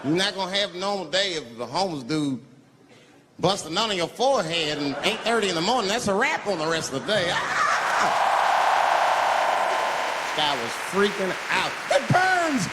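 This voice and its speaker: A man doing a stand-up routine, telling a story with heavy profanity and acting out the people in it. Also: high-pitched. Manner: animated storytelling, acting out characters in many voices, heavy profanity. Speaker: stand-up comedian. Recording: live venue with crowd noise. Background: audience laughter.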